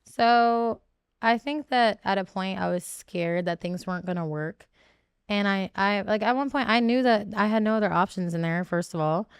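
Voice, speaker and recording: A woman pours out her side of the story as a podcast guest, rambling and circling back with plenty of "like"s. Her voice is smooth and clear. The sound is dry and close, with no room around it. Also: medium pitch, normal speed, dry recording. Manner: emotional, rambling with many "like"s and restarts. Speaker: reality show contestant guest. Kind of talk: candid podcast interview.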